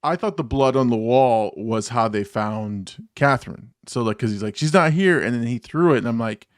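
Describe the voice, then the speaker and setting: A man's voice: medium pitch, normal speed, no room sound, clean studio sound. A man co-hosting a reaction show, talking casually and rambling with many restarts and fillers. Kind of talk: casual chat.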